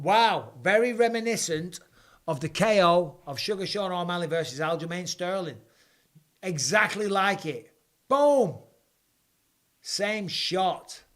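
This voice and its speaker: A man hosting a live fight watch party from home, chatting with viewers and reacting excitedly, with casual swearing. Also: a little high. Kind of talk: live watch-along commentary and chat.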